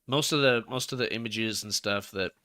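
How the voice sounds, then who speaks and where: Casting note: lower-pitched man, bright forward tone, dry close mic, loose rambling storyteller. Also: normal speed, no room sound. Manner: rambling storyteller with restarts, laughs into jokes. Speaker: podcast co-host telling a legend. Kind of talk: casual chat.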